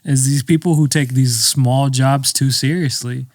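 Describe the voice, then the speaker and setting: A man's voice: mid-range voice, steady tone, unhurried, darkish tone, dry recording. Man, podcast co-host, casual chat, dry teasing, short answers, dead dry sound.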